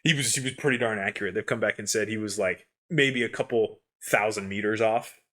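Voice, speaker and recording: A man's voice: lowish voice, fairly quick, pushed and bright. A young man co-hosting a podcast in casual chat, making dry, easygoing remarks and explaining things. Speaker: podcast co-host.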